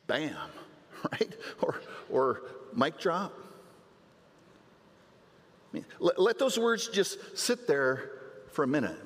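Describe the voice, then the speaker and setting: A man delivering a sermon as pastor, in a voice pitched somewhat high for a man. He talks earnestly and often doubles a word as he restarts a phrase. His voice rings with the long reverb of a large church hall. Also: very animated, slow. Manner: earnest preaching with repeated words and restarts. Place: church sanctuary.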